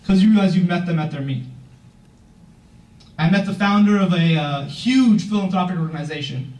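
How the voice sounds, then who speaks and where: Teen boy, earnest motivational speaker, high voice, mic far off in a reverberant room. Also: normal speed, pauses often, a little mellow. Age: teens. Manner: earnest, emphatic, asks the audience questions. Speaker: youth founder giving a talk. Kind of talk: motivational speech. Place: event room, heard from a distance.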